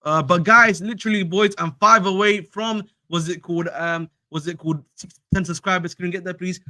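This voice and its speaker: A man's voice: high voice, fairly even intonation, fairly quick, sharp tone, no room sound. A young man hosting a casual fan live stream, slangy and repetitive, calling viewers bro. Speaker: fan channel host.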